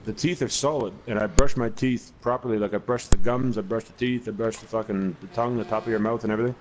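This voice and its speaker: A man in his forties talks quickly and steadily in a low-leaning voice while co-hosting a casual gaming podcast. He rambles through long stories, swearing constantly and restarting many times. The background is noisy.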